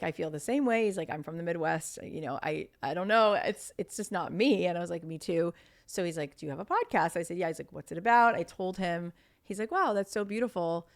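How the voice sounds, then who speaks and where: A woman in her thirties with a fairly low-pitched voice appears as a podcast guest. She tells stories in casual conversation, chatty and animated, with many filler words.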